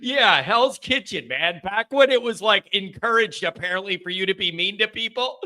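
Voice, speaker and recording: A man's voice: high voice, lively intonation, moderate pace, sharp tone. A man hosting a casual live call-in show, rambling and repeating himself and laughing between thoughts. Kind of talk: casual live-stream chat.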